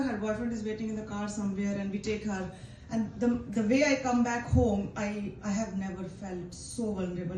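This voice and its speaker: A young woman doing impromptu stand-up, telling a confessional story and quoting her own thoughts in quick bursts. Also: medium pitch, very noisy. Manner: candid, confessional storytelling with quick bursts of quoted self-talk. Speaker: stand-up comedian. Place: indoor comedy venue. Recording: roomy, distant live-room recording.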